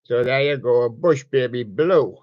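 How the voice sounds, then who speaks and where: A man hosting a home online radio show talks slowly in a rambling, jokey way, fond of puns, as he shows off soft toys. His voice sits at a middling pitch. The recording is dry and dull, with a lo-fi home sound. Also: dry recording. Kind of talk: casual chat showing soft toys.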